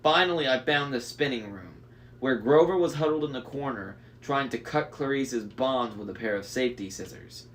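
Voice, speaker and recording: A man's voice: medium pitch, normal speed. A man reading a novel aloud, who drops in casual asides and restarts lines after slips. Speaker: reader.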